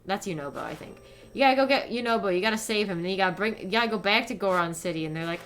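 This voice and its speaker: Bright-voiced woman ranting on stream. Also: mid-range voice, racing, soft background music. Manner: animated, profane ranting with lots of "like". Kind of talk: ranting live-stream commentary.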